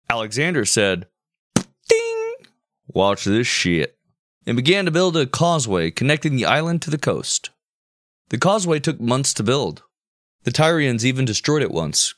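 A man's voice: mid-range voice, a bit bright, dry recording, studio quality. A man telling history in a comic podcast, wry and crude. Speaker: podcast host. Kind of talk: comedic history narration.

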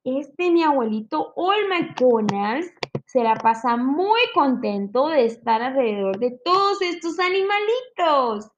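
A woman's voice: high voice, very animated, normal speed, highs cut off. A woman teaching young children a lesson in an exaggerated, sing-song manner, imitating animal sounds. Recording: clear background noise.

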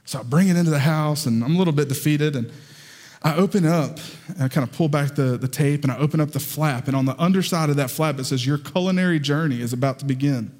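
A Southern-accented male pastor delivers his sermon with lively storytelling and playful asides. His voice sits high for a man. The sound rings out with a long hall reverb. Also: quick pace.

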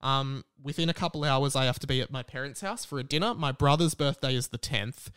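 A man's voice: medium pitch, fairly quick, fairly bright tone, clear, resonant tone. A man, hosting a solo podcast in a rambling, self-deprecating, chatty way. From Australia. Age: 20s. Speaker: podcast host.

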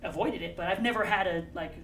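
A man chatting casually, telling lively travel stories with acted-out quotes. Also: high-pitched, soft background music. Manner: fast, animated storytelling with acted-out quotes. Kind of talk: casual chat. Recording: roomy, distant mic with faint ambience.

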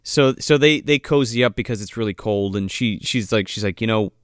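A man's voice: lowish voice, a little fast, dry recording, clean studio sound. A man co-hosting a podcast, casually recapping a movie scene by scene, acting out the lines and laughing often. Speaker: podcast co-host.

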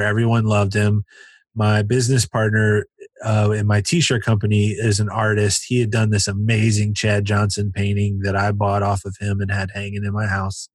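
A man from Cincinnati, a stand-up comedian, telling an animated story in casual chat and acting out the voices in it. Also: lowish voice, no echo. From Cincinnati, USA. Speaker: comedian guest.

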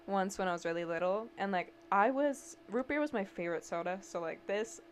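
A young woman co-hosting a podcast, chatting casually and telling animated stories with frequent laughter. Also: medium pitch, a little fast, a little hiss or hum. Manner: animated storyteller, laughs often. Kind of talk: casual chat.

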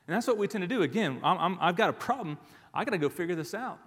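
This sounds like a pastor mid-sermon, his fairly high voice echoing with a long reverb through the church sanctuary. He talks at a quick pace, hammering each point with emphatic repetition of key phrases and a constant "all right."

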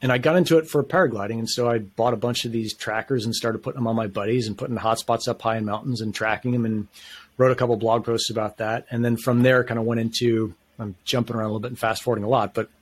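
A man's voice: medium pitch, fairly even intonation, fast. Enthusiastic rambling man, casual guest. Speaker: podcast guest. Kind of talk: casual storytelling.

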